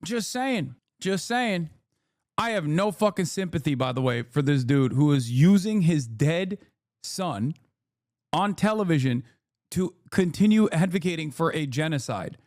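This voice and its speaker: A man's voice: a little high, animated, moderate pace, a little mellow, dry recording, studio quality. Profane, sarcastic male streamer. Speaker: streamer commentator. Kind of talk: reacting to a news clip.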